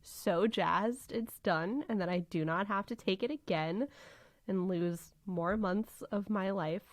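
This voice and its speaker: Woman co-host, upbeat and giggly casual chat, dry close mic, mid pitch. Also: slow, dry recording. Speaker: podcast co-host.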